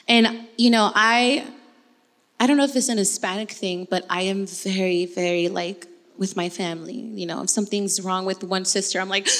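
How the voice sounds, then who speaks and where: Young woman telling her story, lively, acts out the dialogue, echoey hall. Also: medium pitch. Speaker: church member sharing testimony. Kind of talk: personal testimony in casual talk. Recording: long hall reverb.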